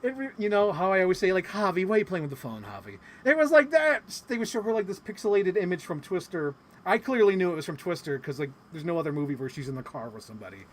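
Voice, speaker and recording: Male host, slightly high voice, animated and loose, lots of "like", casual chat. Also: fast talker. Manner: animated, rambling, swears often, heavy use of "like". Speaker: podcast host. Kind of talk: casual chat recapping a convention.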